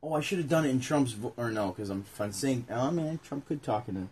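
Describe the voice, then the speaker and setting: A man's voice: mid-range voice, expressive, quick pace, a little mellow, a little hiss or hum. A man co-hosting a casual chat, reading a children's book aloud into a phone camera and joking about his own mistakes. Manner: jokey, rambling, laughs at himself. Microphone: phone front camera.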